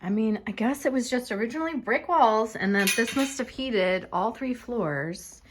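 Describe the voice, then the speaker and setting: A woman's voice: on the high side, expressive, moderate pace, background noise. A young adult woman vlogging in a casual, rambling way, with many fillers, indoors in an old house under renovation. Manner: chatty, tangential, many "like" fillers.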